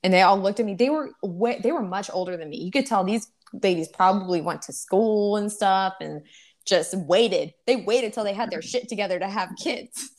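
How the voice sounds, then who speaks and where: A young woman from Florida chatting on a podcast with her sister in a mid-pitched voice. She tells stories with lots of energy and jumps into quoted voices as she goes. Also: normal speed. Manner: animated storytelling, acts out quoted voices. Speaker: podcast co-host. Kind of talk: casual chat.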